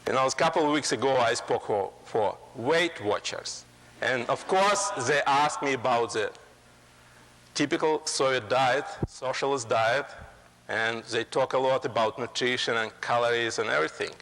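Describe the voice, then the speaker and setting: A man's voice: medium pitch, moderate pace, fairly bright tone. A man in his forties from Moscow, speaking in broken, Russian-accented English and joking as a guest lecturer. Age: 40s. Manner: plain, broken English with playful jokes. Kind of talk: humorous lecture. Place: college lecture hall. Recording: long reverb of a lecture hall.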